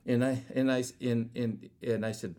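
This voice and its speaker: A man's voice: mid-range voice, level tone, normal speed, warm tone. A man telling a personal faith story casually, rambling with many restarts and acting out what people said. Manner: rambling, stumbling restarts, acts out quoted dialogue.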